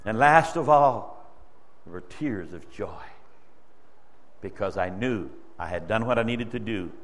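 A male preacher delivering an emotional sermon, swinging from loud exhortation to hushed storytelling. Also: fairly low pitch, lively intonation, measured pace. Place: church sanctuary. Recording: long reverb of a large hall.

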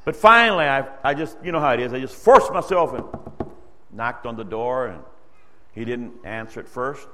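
A man's voice: mid-range voice, lively intonation, normal speed, a little hiss or hum. Preacher man in a reverberant hall. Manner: emotional, swings from loud exhortation to hushed storytelling. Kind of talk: sermon. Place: church sanctuary. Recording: long reverb of a large hall.

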